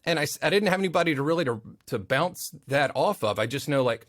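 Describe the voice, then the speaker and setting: Male podcast guest; lively, swooping delivery; dry close mic; acts out voices in anecdotes. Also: on the high side, quick pace, hardly any pauses, no room sound. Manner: animated, acts out quoted voices. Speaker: podcast guest, audio engineer. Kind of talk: casual interview storytelling.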